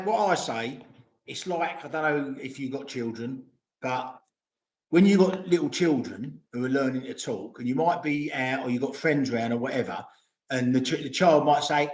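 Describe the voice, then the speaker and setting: An older man, chatting casually and rambling to viewers on a livestream, swearing freely. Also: mid-range voice. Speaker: vlogger. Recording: roomy echo.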